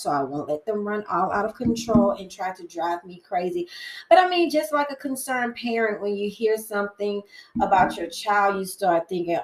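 Chatty woman, solo podcast host, wanders off on tangents, roomy sound. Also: mid-range voice. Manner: chatty, prone to tangents, faith-filled. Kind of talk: casual solo podcast talk.

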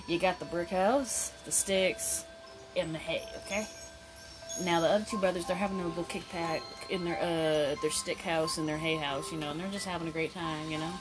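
A woman's voice: on the low side, normal speed, poor audio. Giggly stoned woman over music. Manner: giggly, relaxed, swearing. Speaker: podcast host. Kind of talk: casual chat.

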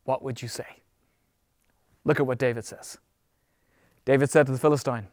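A man preaching a sermon as pastor, emphatic, slowing down on key words and then rushing ahead. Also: medium pitch, fairly even intonation, darkish tone, dry recording, clean studio sound, long reverb tail. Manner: emphatic preaching, shifting between slow stress and quick bursts.

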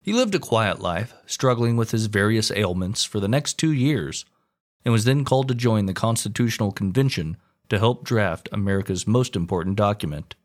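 A man's voice: lowish voice, expressive, normal speed. A man hosting a comedic history podcast, narrating the story with wry, profane asides.

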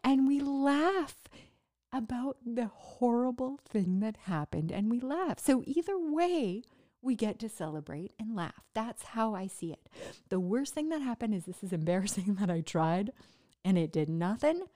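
A woman talking casually to her listeners, speaking haltingly with word-finding pauses, restarts and self-mocking laughs. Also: fairly high pitch, animated, mellow. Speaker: podcast host recovering from brain injury. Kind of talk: casual personal monologue.

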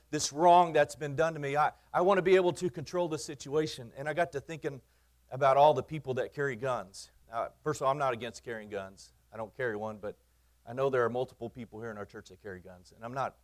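A man, a pastor preaching in his church, earnest, repeating phrases for emphasis and swinging from loud to quiet. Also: medium pitch, fast. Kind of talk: sermon.

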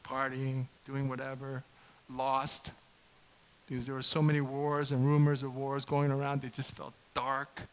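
A man in his fifties preaching a sermon as pastor, conversational and animated, often asking the congregation questions. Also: medium pitch, unhurried, rough recording. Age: 50s.

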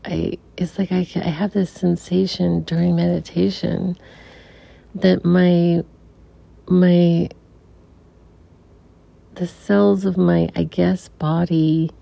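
Slow, creaky-voiced middle-aged woman. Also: lowish voice, little pitch movement, dry recording. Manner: soft-spoken, halting, many restarts; drops to near-whispers. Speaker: podcast guest. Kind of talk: reflective personal storytelling. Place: room in a family home. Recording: dull recording with faint air conditioner hum. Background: air conditioner hum.

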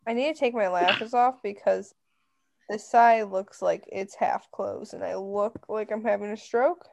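A woman's voice: mid-range voice, fairly even intonation, a little slow, creaky. A woman in her twenties co-hosting a podcast, playful and emphatic, swearing freely in casual chat. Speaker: podcast co-host.

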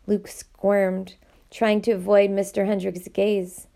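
Gravelly woman reading a novel aloud. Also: medium pitch, takes it slowly. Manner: expressive, animated character reading. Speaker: audiobook reader.

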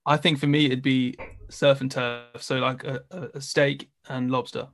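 A man's voice: mid-range voice, flat delivery, normal speed, fairly bright tone, dry recording. A man from a band answering interview questions casually, easygoing and laughing often. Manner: giggly, easygoing. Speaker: band member.

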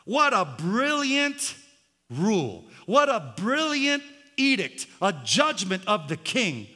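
High bright fiery older pastor. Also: male voice, huge pitch swings, slow pace. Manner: fiery preaching, hallelujah refrains. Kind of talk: sermon. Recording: long hall reverb.

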